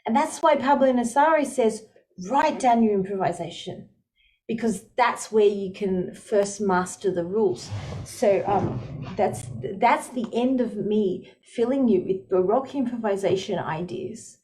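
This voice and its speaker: A woman's voice: on the high side, a little mellow. A woman music educator giving an enthusiastic, explanatory lecture presentation.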